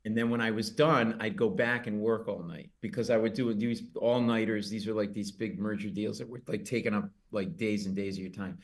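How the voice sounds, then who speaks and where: A man's voice: fairly quick, hardly any pauses. Middle-aged man telling a comic story. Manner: animated anecdote with loud high character voices. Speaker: comedian guest. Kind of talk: storytelling in an interview.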